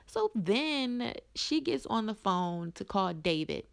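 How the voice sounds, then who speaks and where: A woman from from there, recapping a reality show in a sassy, animated, gossipy way. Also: mid-range voice, takes it slowly, creaky, smooth. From North Carolina. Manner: sassy, animated storytelling with exclamations.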